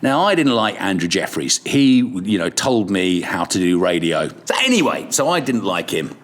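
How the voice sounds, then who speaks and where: A man's voice: sits low, moderate pace. A middle-aged man, a radio presenter and podcast guest, telling casual, self-deprecating stories. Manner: animated, self-deprecating storyteller.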